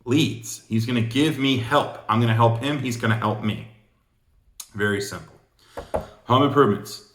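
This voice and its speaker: A man's voice: mid-range voice, normal speed, pauses often, fairly bright tone. A man giving casual sales coaching, rambling and full of "you know" asides. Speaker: sales trainer. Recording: echoey room.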